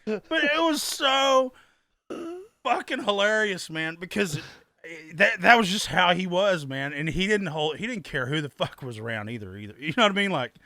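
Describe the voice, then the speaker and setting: A man's voice: on the high side, sharp tone, dry recording, clean studio sound. A man co-hosting a podcast, telling a story in casual chat, swearing a lot and laughing often. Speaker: podcast co-host.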